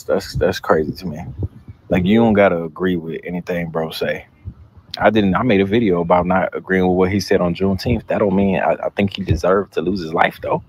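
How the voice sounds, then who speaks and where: A man with a low voice talks in a casual, slangy way and sounds disbelieving. There is faint background noise. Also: darkish tone, rough recording.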